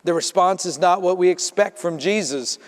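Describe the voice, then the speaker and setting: A man preaching a sermon as pastor, telling the story in a lively way and acting out the voices in it. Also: high-pitched, moderate pace. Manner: storytelling, acts out voices in quotes. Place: church sanctuary. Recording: reverberant church sanctuary.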